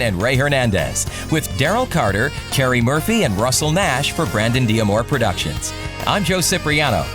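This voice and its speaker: A man hosting a radio countdown show, reading scripted song intros in a smooth announcer delivery. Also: fairly high pitch.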